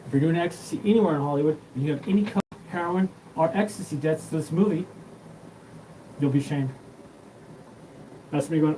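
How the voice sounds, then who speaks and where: A man's voice: fairly high pitch, a little fast, long pauses, warm tone. A man rambling through a profane, scattered monologue as the host of his own show. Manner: rambling, profane, jumps between topics. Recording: distant mic with noticeable room hum.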